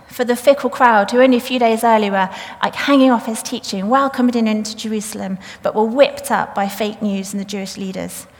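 Woman preaching in a reverberant hall. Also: medium pitch. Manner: conversational, retells the story plainly with fillers. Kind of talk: sermon with scripture reading. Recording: long reverb of a church hall.

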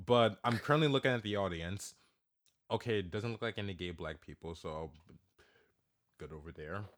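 A man co-hosting a casual podcast chat, slangy and halting, with many restarts. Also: on the low side. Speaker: podcast co-host.

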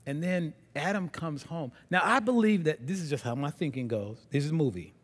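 A husky-voiced man preaching with fervent, animated storytelling. His voice sits a little higher than most men's, and he moves into a low, prayerful tone. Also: a little fast, in a large hall. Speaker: pastor. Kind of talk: sermon and prayer.

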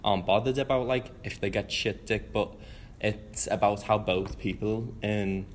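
A young man is chatting earnestly on a podcast, filling his sentences with "like". His voice sits on the low side. Faint ambience hangs behind him. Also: normal speed, a little hiss or hum. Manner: earnest, filler-heavy with lots of "like". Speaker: podcast co-host. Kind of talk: casual chat.

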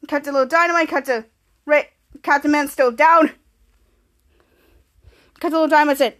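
Very high-voiced excited woman. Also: moderate pace, pauses often. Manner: excited, retelling scenes and quoting lines. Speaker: podcast host. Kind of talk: casual episode recap.

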